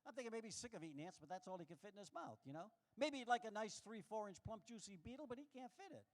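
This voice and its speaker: Stand-up comic, male, high-pitched voice, lively delivery with sudden jumps into character voices. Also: fast talker. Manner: animated, acts out quoted voices with big pitch jumps. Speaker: stand-up comedian. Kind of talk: stand-up comedy set.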